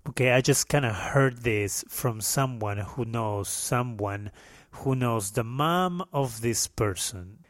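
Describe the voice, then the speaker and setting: A man's voice: mid-range voice, slow pace, no echo, clean studio sound. A man from Peru with a Peruvian Spanish accent, whose first language is Spanish, hosting a casual solo podcast monologue in a playful, self-mocking, rambling way. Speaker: podcast host.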